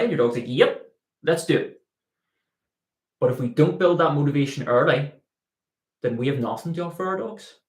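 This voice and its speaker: A man's voice: medium pitch, reverberant. A man, a dog trainer, answering viewer questions in a live Q&A, explaining with everyday analogies and acting out the dog's thoughts.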